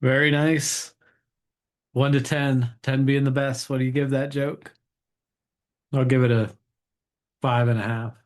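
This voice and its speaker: A middle-aged man hosting a casual show and reading jokes aloud in a relaxed, upbeat way with some fillers. He sits a little away from the microphone. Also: mid-range voice, measured pace, long pauses. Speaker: podcast host. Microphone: table mic set away from the speakers.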